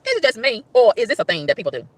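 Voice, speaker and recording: Talking very fast in a fairly high, sing-song voice with no room sound, a woman vlogger rants her way through an exasperated story in her car. She exclaims and repeats lines for emphasis.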